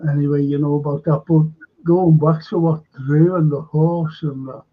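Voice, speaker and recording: A man with a high, husky voice spins a rambling anecdote and throws himself into the quoted dialogue. The sound is dull and lo-fi. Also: level tone, moderate pace. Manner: rambling storyteller, acts out quotes animatedly. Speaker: show co-host. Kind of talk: casual anecdotal chat.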